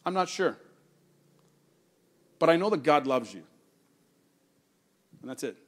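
A man preaches with earnest warmth of conviction, recounting a personal encounter in easy conversational speech. His voice sits a little high for a man, and he draws out key words to drive a point home. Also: expressive. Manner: earnest, conversational storytelling, slows down for emphasis. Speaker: pastor. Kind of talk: sermon-style personal story and exhortation.

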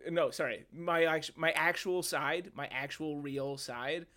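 A man's voice: on the high side, fairly even intonation, a little slow, bright, forceful tone. A man co-hosting a casual chat, joking about himself and laughing often. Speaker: podcast co-host.

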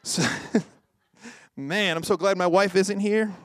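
A man preaching a sermon in a lively, joking way, often acting out quoted voices. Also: high-pitched, takes it slowly, no echo. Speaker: pastor.

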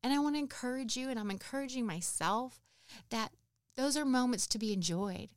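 A woman in her thirties hosts a podcast, reflecting on life in an earnest, encouraging manner that rambles and restarts along the way. Her voice is a little high and brisk, captured in a dry recording with clean studio sound.

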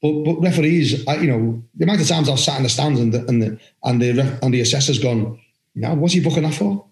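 A man's voice: medium pitch, quick pace, a little mellow, echoey room. A man hosting a casual podcast chat, blunt and ranting, swearing freely about refereeing. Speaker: podcast host, former referee coach.

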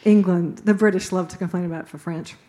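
A woman's voice: lowish voice, steady tone, a little fast, dark tone. A woman speaking casually and spontaneously as a panel participant, laughing often between phrases.

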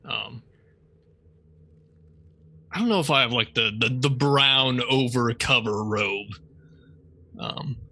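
A man playing a Jedi character at a tabletop game, earnest and a little halting. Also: medium pitch, sharp tone. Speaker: player. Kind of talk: in-character role-play and table chat.

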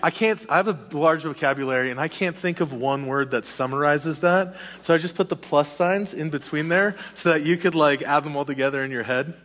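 A man delivers a sermon with lively emphasis and the odd joking aside. His voice sits a little high for a man. It rings out with a long reverb, as in a large church hall. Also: fairly quick, few pauses. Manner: animated preaching with a joking aside. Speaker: pastor.

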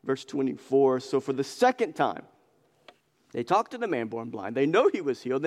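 A man's voice: mid-range voice, sing-song, moderate pace, a little mellow. Impassioned male preacher in a reverberant hall. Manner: impassioned, emphatic, repeats phrases for emphasis. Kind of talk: expository sermon. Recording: long reverb of a large hall.

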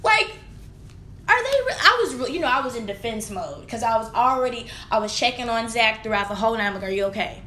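Bright-voiced woman telling animated stories. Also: on the high side, fast, hardly any pauses, slight background noise. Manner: animated, lively storyteller. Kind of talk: casual chat, emotional storytelling. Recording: echoey room.

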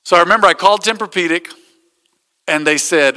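Bright-voiced pastor preaching in a hall. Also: male voice, sits high, a little fast. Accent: American. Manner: storytelling with acted-out quotes. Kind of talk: sermon.

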